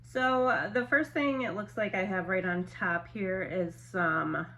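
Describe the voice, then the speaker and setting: A woman's voice: mid-range voice, a little slow, a bit bright. A young adult woman in casual chat, showing her handmade stock in a loose, rambling way with lots of fillers.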